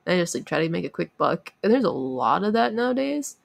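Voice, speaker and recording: Gravelly young Midwestern woman. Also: on the low side, big pitch swings, fairly quick. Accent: Midwestern American. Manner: easygoing, laughs often, many filler likes. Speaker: podcast co-host. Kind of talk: casual chat.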